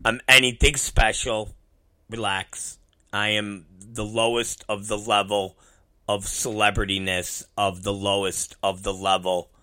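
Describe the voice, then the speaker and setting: A man's voice: fairly low pitch, flat delivery, a little slow, sharp tone, clean tone. A man in a casual monologue, rambling and self-deprecating, swearing freely as he goes.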